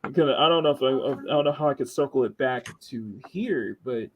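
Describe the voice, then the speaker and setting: A man's voice: mid-range voice, brisk, a little hiss or hum. A man hosting a casual live stream chat, joking, laughing often and restarting his sentences. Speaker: host.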